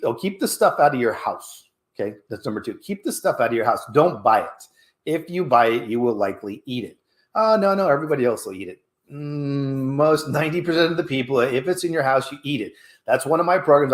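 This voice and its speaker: A man coaching listeners on healthy habits, talking casually with lots of energy. He acts out short back-and-forths by jumping up into a higher voice. His mid-pitched voice rings in a roomy, echoey space. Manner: animated, coaching, acts out little exchanges in a higher voice. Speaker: fitness coach and host. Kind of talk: motivational casual talk.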